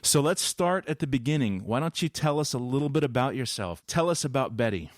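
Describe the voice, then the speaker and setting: A man's voice: medium pitch, animated, brisk, no room sound, studio quality. A man hosting a casual podcast interview, jokey and effusive, who laughs often. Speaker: podcast host.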